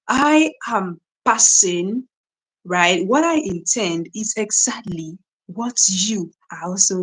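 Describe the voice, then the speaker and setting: A woman's voice: medium pitch, low-quality recording. A young woman from Nigeria, hosting a casual live stream, greeting viewers by name and often checking in with "right?" and "you know". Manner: greets viewers by name and reads their comments.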